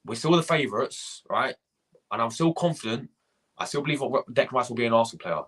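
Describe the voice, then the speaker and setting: A young man rants on a live stream, swearing and going over the same point again and again. His voice is forceful and husky. He breaks off to greet people in the chat. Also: mid-range voice, expressive, fairly quick. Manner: ranting, swearing, repeating himself. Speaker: fan channel host.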